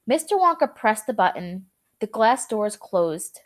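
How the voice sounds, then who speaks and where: A woman's voice: a little high, sing-song, measured pace, fairly bright tone. A young woman teacher reading a chapter aloud to her students and explaining words in a casual, chatty way.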